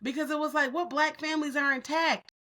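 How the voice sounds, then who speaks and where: A woman co-hosting a podcast, speaking candidly and telling stories in an animated way. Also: high-pitched, fairly quick. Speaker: podcast co-host. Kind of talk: casual podcast discussion.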